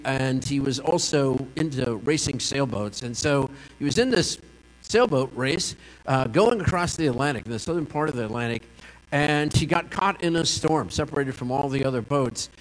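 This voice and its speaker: A man gives a Sunday sermon in a church sanctuary, pitched a little high for a man. He tells stories and circles back to questions he puts to the congregation. Long reverb from the large room trails after each phrase. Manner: storytelling with a joking aside and repeated rhetorical questions. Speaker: pastor.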